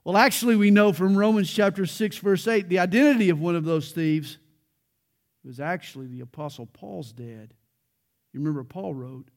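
A man's voice: fairly high pitch, moderate pace, a little mellow. A man preaching a verse-by-verse Bible sermon, earnest and building to emphatic peaks, with light jokes along the way. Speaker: pastor.

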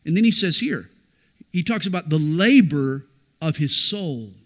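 Middle-aged male pastor, sermon, slightly high voice, dramatic loud-to-hushed delivery. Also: lively intonation, measured pace. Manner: dramatic swings from loud declaration to hushed intimacy.

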